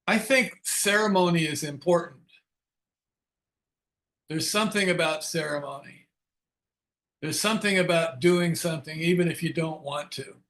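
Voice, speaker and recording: Older man, bright tense voice, a bit high, frank self-mocking storyteller, chuckles often. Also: normal speed, pauses often. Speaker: speaker leading a recovery book study. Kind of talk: candid storytelling talk.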